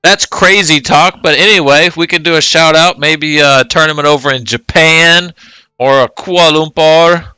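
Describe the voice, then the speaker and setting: Male commentator, casual play-by-play, bright and dry. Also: fairly high pitch, moderate pace, clean tone, no echo, poor audio. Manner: casual, play-by-play calling of moves. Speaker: tournament commentator. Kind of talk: live game commentary.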